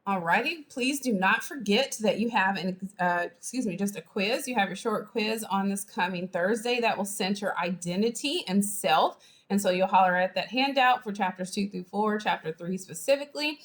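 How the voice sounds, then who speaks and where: A woman instructor giving a chatty, animated lecture to a live online class, acting out examples as she goes, heard through a video-call microphone. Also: mid-range voice, moderate pace, hardly any pauses. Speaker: college instructor.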